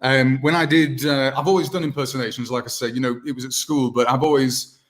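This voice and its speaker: A man's voice: medium pitch, fairly even intonation, a little fast, fairly bright tone. A British man in his thirties, a guest impressionist chatting casually with many restarts. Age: 30s. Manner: rambling, self-deprecating, many restarts. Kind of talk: casual video-call chat.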